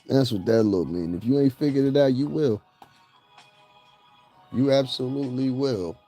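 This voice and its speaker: Male gossip vlogger with a mellow voice, mocking and ranting, laughs at his own jokes. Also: medium pitch, moderate pace, soft background music. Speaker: celebrity gossip commentator. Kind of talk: profane ranting commentary.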